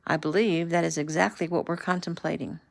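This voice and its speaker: A woman voicing a protective middle-aged father who speaks in a warm, teasing, fatherly way, in a read-aloud novel. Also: fairly low pitch, steady tone, a little fast, vocal fry.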